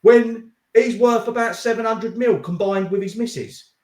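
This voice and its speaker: A man's voice: sits high, fairly even intonation, normal speed, darkish tone. A man hosting a casual political chat, heated and blunt, swearing and saying mate often. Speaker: podcast host. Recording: echoey room.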